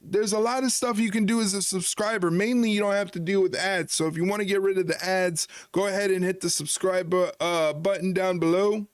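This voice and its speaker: A man's voice: sits high, steady tone, brisk, dry recording. A man hosting a casual wrestling watchalong livestream, joking and rambling as he corrects himself. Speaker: podcast host.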